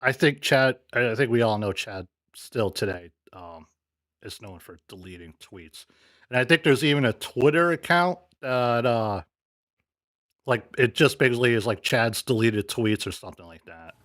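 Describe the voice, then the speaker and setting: A man's voice: medium pitch, expressive, moderate pace, fairly bright tone, no room sound, clean studio sound. A man hosting a show, commenting casually on played clips in a hesitant, laid-back way with many fillers. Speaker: show host reviewing clips.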